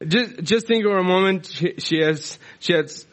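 A man's voice: high voice, moderate pace, fairly bright tone. A man from South America preaching a sermon in a conversational, explanatory way with frequent restarts.

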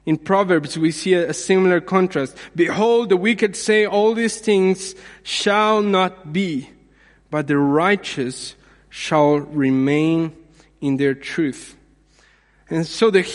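A man preaching a sermon in a measured way, repeating phrases for emphasis. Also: high voice, long reverb tail. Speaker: pastor.

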